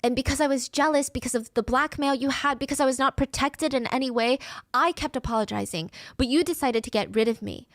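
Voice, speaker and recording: A woman narrating a scripted true-crime story in a brisk way, acting out the quoted speech as she goes. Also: high voice, a bit bright, no echo, clean studio sound.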